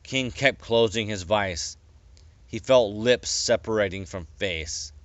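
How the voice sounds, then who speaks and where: A man reading his own story aloud in a plain, unhurried way with small stumbles. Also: fairly low pitch, no echo, highs cut off. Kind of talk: casual audiobook reading.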